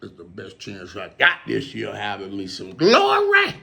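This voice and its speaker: A man's voice: on the low side, wildly swooping pitch, moderate pace, gravelly, bright, forceful tone. Emotional rambling man, casual talk. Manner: emotional, rambling, repeats words. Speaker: show host.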